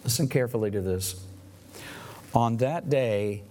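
A man's voice: medium pitch, measured pace, dark tone. A man preaching a sermon, retelling scripture dramatically and acting out the quoted lines. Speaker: pastor.

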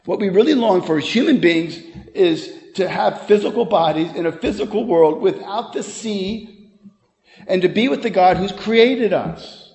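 A pastor delivers his sermon with earnest conviction, building to emphatic peaks before dropping into quick, chatty asides. He is a man with a somewhat raised pitch. His voice rings out through a church sanctuary with a long, lingering reverb. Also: animated, gravelly, a little mellow.

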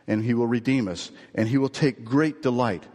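A male pastor preaches earnestly, moving from storytelling into emphatic points that fall away into low, slowed endings. His voice sits at an ordinary pitch. It carries the long reverb of a large hall. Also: darkish tone. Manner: earnest, builds to emphatic phrases, then drops low and slow. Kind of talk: sermon with storytelling.

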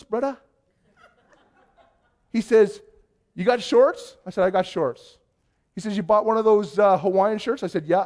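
A Canadian youth pastor telling a story in a sermon, acting out the voices of the people in it. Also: male voice, sits high. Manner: animated storyteller, acts out quoted voices.

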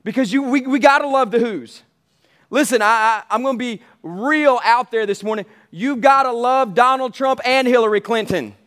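A man's voice: very high voice, normal speed, a bit bright. A man preaching a sermon as pastor, emphatic and repetitive, calling out to his congregation.

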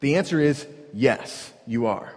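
A man's voice: medium pitch, animated, a little slow, big-room sound. A man preaching a sermon as pastor, earnest and repetitive, pressing his point with rhetorical questions.

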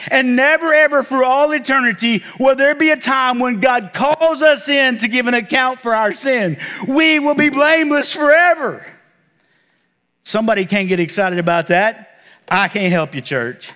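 A man's voice: very high-pitched, pushed and bright. A man preaching a sermon to his church, drawing call-and-response from the congregation and stressing points with emphatic exclamations. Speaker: pastor.

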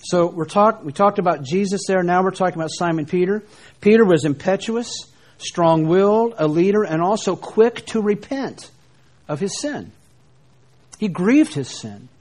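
A man teaching a sermon on scripture, speaking slowly and deliberately with dramatic pauses as he reads verses aloud. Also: high-pitched, animated, a little mellow. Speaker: preacher.

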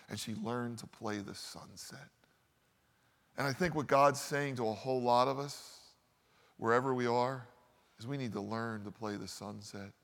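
A man preaching a sermon, telling stories and swinging from loud, lively lines to quiet, hushed ones. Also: mid-range voice, gravelly. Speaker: pastor. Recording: long hall reverb.

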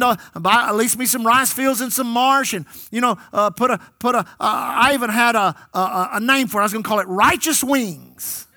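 Bright-voiced preacher man. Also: extremely high pitch, dry recording. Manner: emphatic, repeats key lines, calls out to the congregation. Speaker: pastor. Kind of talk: sermon.

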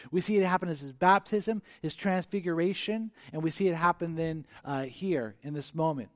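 Animated male preacher, higher voice. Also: normal speed, hardly any pauses, no echo, studio quality. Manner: animated, conversational preaching with frequent restarts. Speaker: pastor. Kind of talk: sermon.

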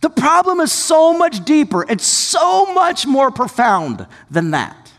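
A male pastor preaches in a high, lively voice that leaps up and down as he tells the story. He talks to the congregation casually, breaking into sudden shouts and joking asides. His voice rings with the long reverb of a church hall. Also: takes it slowly. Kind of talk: sermon.

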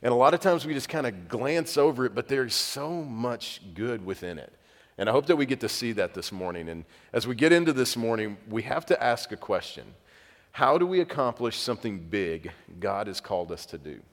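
A man's voice: mid-range voice, sing-song, moderate pace. A man preaching a sermon as pastor, telling conversational, self-deprecating stories. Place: church sanctuary. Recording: long reverb of a church hall.

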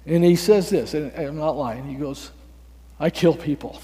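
A man preaching a sermon, telling a story with lively acted-out dialogue and small chuckles. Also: a little high, measured pace, long reverb tail, slight background noise.

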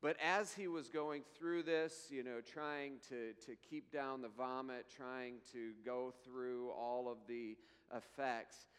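A man preaching a sermon in an earnest way, slowing down and lifting his voice to read scripture. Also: medium pitch, fairly even intonation, fairly bright tone, clean tone, long reverb tail. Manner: slow, earnest preaching, rising to emphatic scripture readings. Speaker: pastor.

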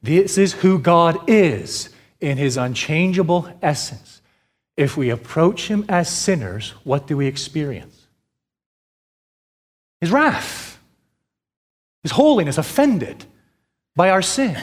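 Emphatic preacher in a reverberant church. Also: male voice, fairly high pitch, very animated, a little slow. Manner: emphatic preaching, repeats phrases, asks and answers questions; swings between loud stress and quiet drops. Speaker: pastor. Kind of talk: sermon. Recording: long hall reverb.

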